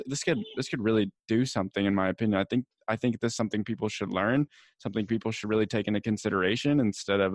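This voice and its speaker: A man's voice: lowish voice, dry recording, clean studio sound. A man hosting an interview, asking hesitant, rambling questions. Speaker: interview host. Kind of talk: casual interview talk.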